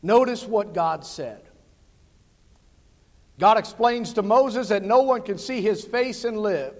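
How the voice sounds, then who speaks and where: A man preaching a sermon, swinging from hushed, soft passages to loud, fervent calls. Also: sits high, expressive, takes it slowly, pauses often, soft background music. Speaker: pastor. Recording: long hall reverb.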